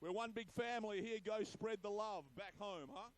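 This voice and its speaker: Boisterous high-voiced emcee. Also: male voice, normal speed, low-quality recording. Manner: jokey, boisterous, hushing the crowd. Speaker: master of ceremonies. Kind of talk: awards-ceremony emcee speech.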